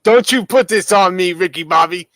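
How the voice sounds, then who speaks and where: A man's voice: high voice, moderate pace, fairly bright tone, no room sound. A man co-hosting a casual livestream, laid-back, laughing often and cracking crude jokes. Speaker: co-host.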